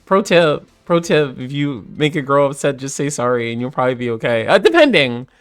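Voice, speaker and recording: A woman's voice: extremely low pitch, big pitch swings, a little fast, clean tone, no echo, faint music behind. A woman from New Jersey with a New Jersey accent, a little tipsy, chatting casually on a livestream, laughing often and swearing freely.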